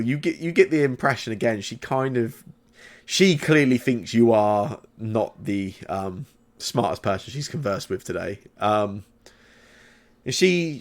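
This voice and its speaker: A man narrates a tabletop game as game master. He speaks in a medium voice and talks loosely and haltingly, with frequent fillers. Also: medium pitch.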